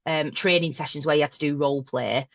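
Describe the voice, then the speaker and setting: A woman's voice: deep voice, steady tone, quick pace, no room sound, lo-fi sound. A woman with a broad Lancashire accent from Burnley, a guest in a casual interview chat, frank and self-deprecating. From Burnley, Lancashire, England. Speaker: podcast guest, manager.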